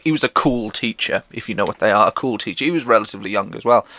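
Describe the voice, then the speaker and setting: Sweary, theatrical young Englishman with lively pitch. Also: fast talker, few pauses. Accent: posh English. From England. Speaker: vlogger. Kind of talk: casual storytelling monologue.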